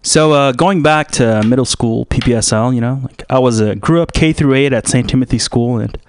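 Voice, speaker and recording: A man's voice: medium pitch, fairly quick, clean tone, no room sound. A young man hosting a radio show, rambling through a comedic monologue with many restarts. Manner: meandering, restarts a lot, switches into put-on voices.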